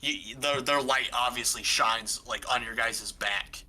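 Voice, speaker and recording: A man's voice: mid-range voice, measured pace, pushed and bright. A man running a tabletop game as game master, describing scenes in a loose, rambling way full of "like" and restarts.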